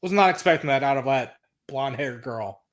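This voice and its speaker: With a mid-range voice and lively intonation, a man speaks a little fast as he co-hosts a wrestling podcast. His casual recap of an old episode is blunt, exasperated and frequently profane.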